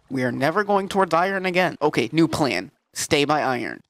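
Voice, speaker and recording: A man rambling through casual gameplay commentary with a gravelly, fry-laden voice. His pitch swings around animatedly as he jokes and curses. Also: very animated, moderate pace, slight background noise. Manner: rambling, swearing, goofy. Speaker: let's player.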